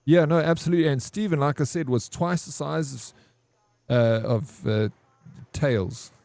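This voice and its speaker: A man's voice: a little high, measured pace, creaky, darkish tone, dry recording. A man streaming a game, rambling and crude as he tells a long army story to his chat. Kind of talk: casual gaming stream storytelling.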